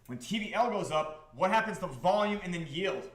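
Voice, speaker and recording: A man hosting a livestream about his crypto project, talking to the chat in an excitable, profane, repetitive way. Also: high-pitched, moderate pace, roomy sound. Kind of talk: livestream talk to a chat audience.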